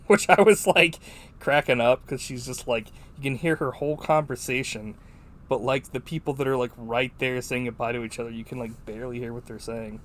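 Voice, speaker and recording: A man's voice: mid-range voice, moderate pace, fairly bright tone, a little hiss or hum. A man co-hosting a podcast, chatting casually about a film in a rambling, profane way with many fillers. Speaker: podcast co-host.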